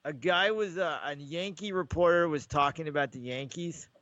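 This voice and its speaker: A man's voice: a little high, moderate pace, a bit bright, dry recording, dull audio. A man co-hosting a podcast, chatting casually and rambling through stories while acting out the voices of callers. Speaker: podcast co-host. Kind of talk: casual sports chat.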